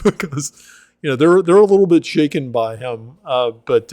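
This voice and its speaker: A man's voice: medium pitch, normal speed, warm tone, no echo, clean studio sound. A man narrating as game master of a tabletop game, hesitant, with many fillers.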